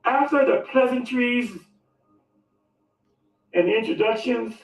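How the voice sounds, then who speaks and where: High, gravelly man telling a comic story. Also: slow. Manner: dramatic, comic, swings between loud and hushed. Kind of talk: animated storytelling monologue. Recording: echoey room, distant mic, faint music.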